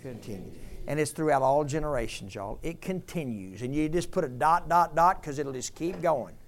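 A man's voice: a little high, normal speed. An older man preaching a sermon, leading the congregation in repeated call-and-response phrases. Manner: call-and-response, repetitive, emphatic. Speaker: pastor.

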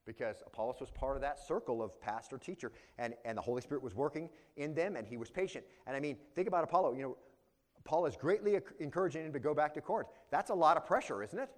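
A male pastor preaching a verse-by-verse sermon. He talks conversationally, keeps checking in with the congregation, and swings between loud emphasis and quiet asides. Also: on the high side, quick pace. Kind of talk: expository sermon.

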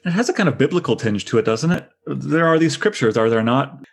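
A man leading a poetry discussion, thoughtful, reading lines of verse aloud slowly. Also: medium pitch, lively intonation, creaky, slightly rough. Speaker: discussion leader.

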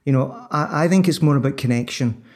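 A man co-hosting a sports discussion, calmly arguing his own view with confidence. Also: medium pitch, a little fast. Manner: confident, persuasive, builds an argument. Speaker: podcast co-host. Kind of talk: casual discussion.

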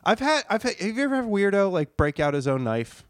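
Profane, animated male storyteller. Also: high voice, fast talker, dry recording, studio quality. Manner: profane, animated, acts out quotes. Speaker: restaurant server telling a story. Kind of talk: casual comedic storytelling.

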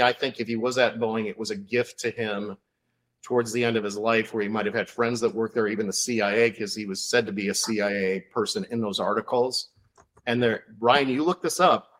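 A man of mid pitch, on as an author guest, tells a story with real enthusiasm. He packs the facts together in quick succession in a relaxed, chatty way. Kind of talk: casual chat.

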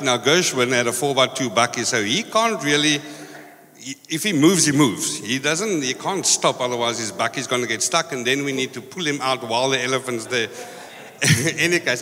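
A man with a bright, forceful voice tells a story to a church congregation, animated and often laughing as he goes. His voice rings out with a long hall reverb behind it. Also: mid-range voice, moderate pace. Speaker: church member reporting on a mission trip.

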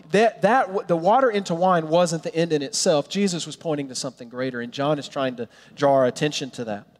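A man preaching a sermon as a pastor, telling a Bible story in an animated way and acting out the characters' lines. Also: fairly high pitch, long reverb tail.

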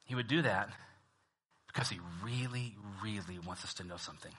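A man preaching a sermon as a pastor, talking conversationally and swinging from hushed reading to loud emphasis. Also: lowish voice, a little fast, breathy edge.

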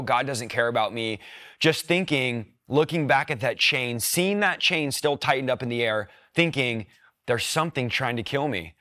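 A young man telling his personal testimony in an earnest storytelling manner, with quick bursts. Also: mid-range voice, pushed and bright, no echo, clean studio sound. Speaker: preacher.

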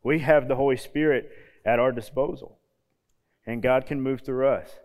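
A man in his thirties, a youth pastor, preaching a casual sermon with homey stories and quiet, low emphasis on key points. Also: fairly even intonation, moderate pace. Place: church hall. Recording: long hall reverb.

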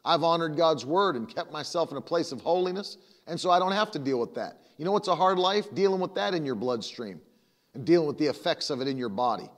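Male pastor with a fairly high voice, emphatic conversational sermon, long reverb. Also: animated, fast talker. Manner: emphatic, repetitive, conversational preaching.

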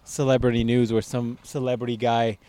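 A man's voice: mid-range voice, flat delivery, a little fast, warm tone. A young man in casual, profane chat, blunt and dismissive, trashing casting choices. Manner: blunt, dismissive, swears freely.

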